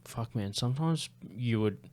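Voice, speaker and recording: A man's voice: medium pitch, lively intonation, normal speed, mellow. A man in casual podcast chat, rambling with lots of fillers and restarts and frequent swearing. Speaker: podcast guest.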